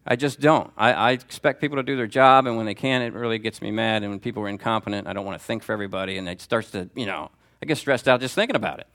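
A man teaching a Sunday school class, talking conversationally and calling on students by name, with lively swings in pitch for emphasis. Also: fast talker, few pauses. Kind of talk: teaching sermon. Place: church classroom before a group.

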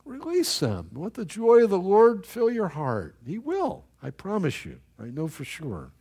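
An older male pastor delivers a sermon in a rather high voice that swoops up and down with great liveliness. He talks to the congregation with chatty asides, often repeating a word as he presses on. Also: a little slow, breathy edge. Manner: animated preaching with asides and repeated words.

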